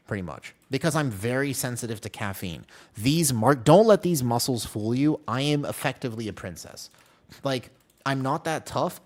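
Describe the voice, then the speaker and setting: Male streamer, animated pitch, loose rambling self-mocking chatter, talks back to chat at his home desk mic. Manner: rambling, self-deprecating storytelling; reads chat messages aloud and answers them. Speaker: game streamer. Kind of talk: casual live-stream chat.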